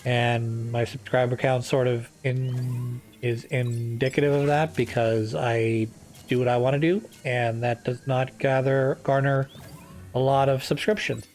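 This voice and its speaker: A man hosting a gaming channel comments on his let's-play in a mid-range, fairly even voice at a measured pace, darkish in tone. Faint music sits behind his rambling talk, which is full of fillers and restarts.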